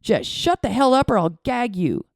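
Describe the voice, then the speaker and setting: A gruff wagon-driving kidnapper snarls threats in a rough, low, gravelly voice, as a woman reads him in an audiobook. The sound is close and dry. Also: big pitch swings, a little slow, no room sound. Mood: snarling.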